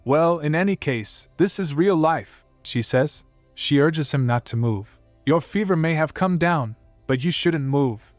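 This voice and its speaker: Guy reading a comic recap, middle pitch, dry close mic with faint music underneath. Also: no echo. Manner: reads every character's lines in the same narrating voice. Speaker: recap narrator. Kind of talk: scripted narration.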